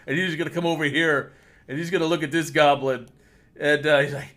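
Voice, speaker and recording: A man with a slightly high, somewhat bright voice narrates a tabletop game on a livestream as its game master. His narration is quick, full of laughter, and prone to stumbles.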